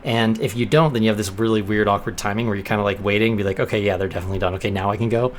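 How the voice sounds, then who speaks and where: A young man vlogging casually, telling an anecdote and acting out quoted lines with lively bursts. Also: fairly low pitch, racing, a little hiss or hum. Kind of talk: casual storytelling vlog.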